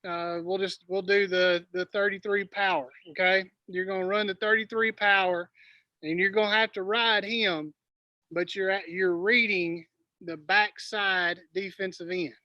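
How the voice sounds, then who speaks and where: Bright-voiced coach explaining plays. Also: male voice, high-pitched, level tone, a little slow, no room sound, lo-fi sound. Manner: explanatory, corrects himself, calls cadence. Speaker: football coach. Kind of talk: virtual coaching session.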